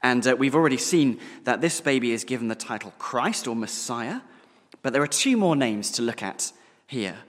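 A man preaching a sermon, slowing down and pausing to stress key words. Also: medium pitch, expressive, in a large hall.

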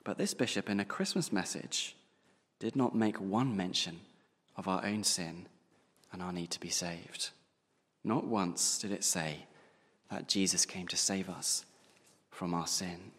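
A man preaching a sermon, slowing down and pausing to stress key words. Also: deep voice, fairly bright tone, slightly rough, big-room sound.

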